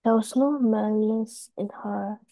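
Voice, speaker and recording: A woman reading a story text aloud in class, steady and even. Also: mid-range voice, slow pace, no echo, rough recording.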